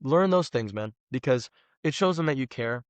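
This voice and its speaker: A young man in his twenties speaks as a podcast guest. He tells slangy, animated stories and keeps saying "bro", at a mid pitch. His voice is close and dry. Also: normal speed, dry recording. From Los Angeles, USA. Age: 20s. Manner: animated storyteller, slangy, says "bro" often. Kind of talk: casual podcast conversation.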